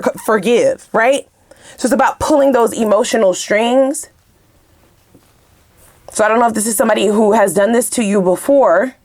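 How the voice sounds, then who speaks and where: A tarot reader gives her viewers a casual reading, speaking straight to the camera in a heated, animated way, full of slang and free swearing. Her voice sits fairly high and moves at a moderate pace.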